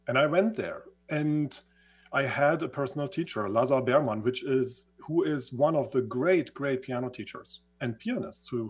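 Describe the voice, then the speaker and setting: Earnest and at times groping for words, a non-native English-speaking man talks through his life story as an interview guest. He has a medium-pitched, husky voice. The talk is reflective storytelling within a conversation.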